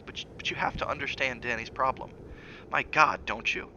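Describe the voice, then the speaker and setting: Guy reading a worried young wife, urgent and pleading, bright sharp tone, bit muffled. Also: medium pitch, brisk, in a whisper, pitched above the performer's own voice. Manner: urgent, rising when pleading, hushed when soft.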